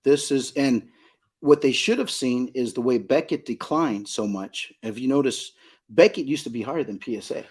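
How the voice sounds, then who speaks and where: A man's voice: mid-range voice, moderate pace, a little mellow, breathy edge. A middle-aged man from Southern California, a card shop owner, talking emphatically as a podcast guest and repeating his points. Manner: emphatic, repeats points, asks "you know what I mean?". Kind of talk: casual podcast conversation.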